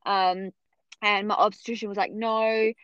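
A woman's voice: moderate pace, no room sound. A woman chatting casually and telling her story with lots of life, throwing her voice way up whenever she quotes other people. The sound is a little dull and very dry, with no room around it. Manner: animated, acts out quoted voices with big pitch jumps. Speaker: podcast guest telling her birth story.

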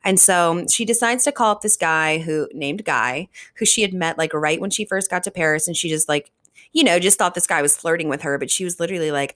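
A young woman hosts a podcast, recapping a book in casual, chatty talk packed with fillers and swearing. Her voice is lowish with a fairly bright tone, and she speaks fairly quickly.

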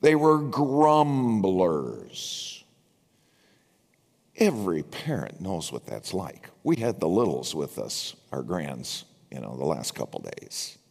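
A man's voice: a bass voice, sing-song, normal speed, gravelly, hardly any pauses, a little mellow, breathy edge. An older man preaching a sermon as pastor, with wry asides to his congregation. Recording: long reverb from a large hall.

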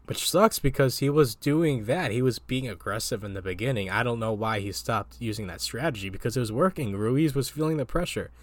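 A man co-hosting a casual sports chat, animated and laughing often as he reads quotes aloud. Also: mid-range voice, fairly quick, few pauses, no echo. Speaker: co-host.

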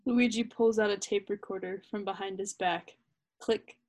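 A woman's voice: mid-range voice, steady tone, moderate pace, darkish tone. A woman co-hosting a comedy podcast, narrating an improv sketch with frequent laughter.

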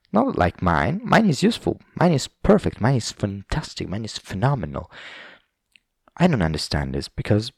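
A man's voice: medium pitch, creaky, darkish tone, dry recording, studio quality. A man hosting a podcast, ranting in a casual, profane, rambling and self-mocking way. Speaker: podcast host.

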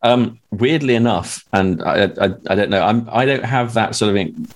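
A man with a very deep voice talks casually as a guest. He hesitates often, restarting his sentences and filling pauses with ums. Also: lively intonation. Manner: hesitant, many fillers and restarts. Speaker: script writer guest. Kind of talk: casual panel talk.

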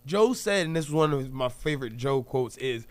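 A man's voice: medium pitch, lively intonation, moderate pace. A man from co-hosting a sports podcast, telling stories in an emphatic, casual way. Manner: emphatic, storytelling. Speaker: podcast co-host.

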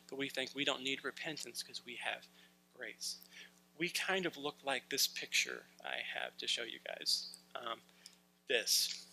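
A middle-aged male pastor giving an animated sermon to a congregation, sometimes shouting as he acts out scenes. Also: medium pitch, low-quality recording.

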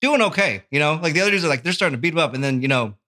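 Fast, bright-voiced man telling rowdy stories. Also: a little high, animated. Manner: rambling, profane, lots of "dude" and "like". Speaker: podcast guest, tattoo artist. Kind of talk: casual storytelling chat.

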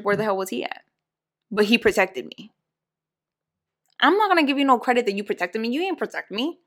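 Young woman co-host, casual talker, acts out quotes. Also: mid-range voice. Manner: animated, acts out quoted voices. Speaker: podcast co-host. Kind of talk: casual storytelling chat.

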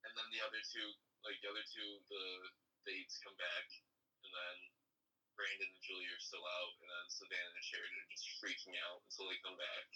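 A man's voice: sits low, flat delivery, a little fast, bright, forceful tone, far from the mic, poor audio. A man co-hosting a podcast, recapping a reality show in casual chat with crude, blunt jokes. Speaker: podcast co-host.

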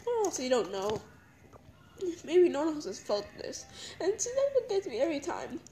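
A young woman talks through tears in a personal confessional monologue, her voice high yet mellow in tone. She halts and circles back on her words, pitch rising and falling widely. A faint hiss sits under the recording. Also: sing-song, poor audio. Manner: halting, emotional, repeats herself. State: crying. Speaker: podcast host.

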